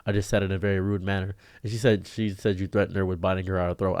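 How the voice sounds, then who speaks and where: A man telling a diary-style story to camera in an exasperated, ranting way, his voice jumping up sharply in pitch. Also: little pitch movement, very fast, darkish tone, smooth, no echo, studio quality. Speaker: streamer and video diarist.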